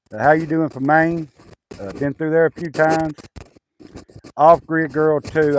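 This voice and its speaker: A man's voice: medium pitch, a little hiss or hum. An older man with a Southern accent, chatting casually on a homestead live stream, rambling with lots of fillers and restarts. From Southwest Arkansas, USA. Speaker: homesteader livestreaming. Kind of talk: casual live-stream chat reading comments. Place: outdoors on a rural homestead.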